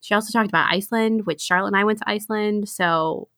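A young woman co-hosting a podcast in casual chat, bubbly and excitable, laughing often. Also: mid-range voice, fast talker, dry recording, studio quality. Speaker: podcast co-host.

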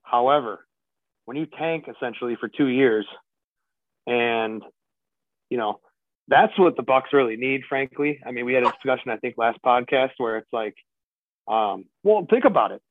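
A man's voice: mid-range voice, lively intonation, normal speed, long pauses, no room sound. A man co-hosting a podcast in casual sports chat, grumbling and swearing, often restarting his sentences. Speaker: podcast co-host. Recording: tinny, dry phone-like line.

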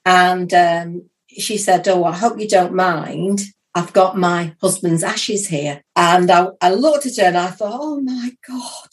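A woman guest with a slightly low voice tells a story in a chatty way. She acts out the lines of the people in it with lively energy. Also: a little slow. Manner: chatty and animated, acting out quoted speech. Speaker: podcast guest, psychic medium. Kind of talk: casual storytelling.

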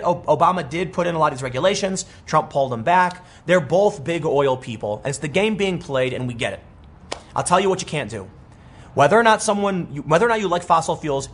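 A man in his thirties offers casual political commentary in a husky voice on the high side. He's animated and rambling, with many restarts and quoted asides.

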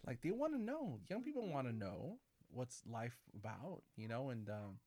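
A man in his forties, a Catholic priest, chatting casually and telling animated stories, acting out quoted dialogue and calling people "man" and "baby". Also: mid-range voice, moderate pace. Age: 40s. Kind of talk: casual conversation.

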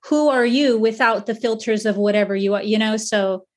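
A woman's voice: fairly high pitch, normal speed. Casual woman speaking loosely. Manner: loose, filler-heavy, swears. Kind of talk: casual conversation.

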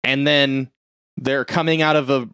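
A man recaps a horror movie in loose, rambling chat, peppering it with profanity and little acted-out lines from the characters. His voice sits at an ordinary middle pitch. The sound is dry and close. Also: fairly even intonation, measured pace, sharp tone, smooth, no room sound. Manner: profane, rambling, acts out quotes. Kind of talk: casual chat, retelling a movie.

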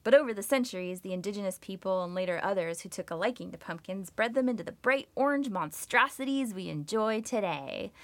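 A woman co-hosts a comedy podcast and narrates the history with sarcasm and cheerful swearing. Her voice sits at a medium pitch and is recorded dry and close, with no room sound. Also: expressive, brisk, hardly any pauses, no echo. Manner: sarcastic, profane, playful. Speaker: podcast co-host. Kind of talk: comedic scripted storytelling.

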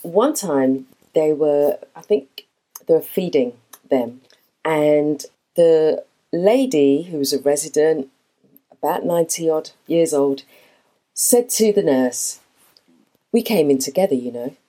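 A woman's voice: sits low, animated, slow, dark tone. A woman in her fifties, a fitness instructor, giving an earnest motivational talk full of rhetorical questions.

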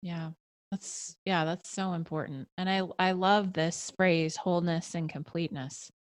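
A woman's voice: lowish voice, steady tone, measured pace, no echo. A woman hosting a casual interview, enthusiastic and chatty with lots of fillers.

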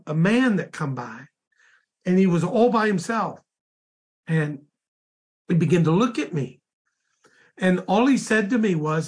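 Husky guy preaching, tells a dream slow and halting, keeps restarting his words. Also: high-pitched. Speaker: minister. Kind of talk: sermon storytelling, recounting a dream.

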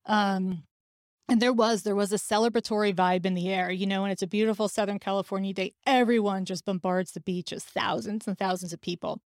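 Podcast host, woman, 30s, candid and chatty, mid-pitched voice, dry sound. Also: fairly even intonation, fairly quick, no room sound. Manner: candid, conversational, laughs now and then. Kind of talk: personal storytelling.

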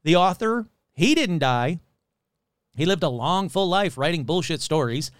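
A man's voice: fairly high pitch, animated, measured pace, smooth, no room sound, clean studio sound. A man hosting a casual comedy podcast, sarcastic and profane, rambling as he mocks a legend. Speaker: podcast host.

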